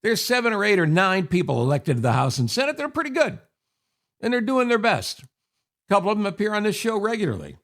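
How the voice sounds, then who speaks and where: A man's voice: sits high, wildly swooping pitch, quick pace, fairly bright tone. Wry older man hosting a podcast. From upstate New York. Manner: chatty, wry, sarcastic asides. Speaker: podcast host. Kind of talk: casual monologue. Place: home office.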